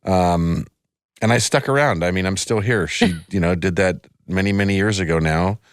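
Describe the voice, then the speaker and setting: A middle-aged man talks as a podcast guest in a relaxed, wry way, chuckling between lines. His voice sits very low. The sound is dry and close. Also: normal speed, clean tone, no echo. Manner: laid-back, wry, chuckling. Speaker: guest, host's husband. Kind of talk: casual chat.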